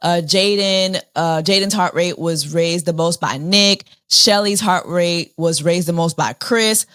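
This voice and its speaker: A woman giving a casual, sassy recap of a reality dating show, jumping between high excited squeals and a low, weary drawl. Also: measured pace, smooth, dry recording, clean studio sound.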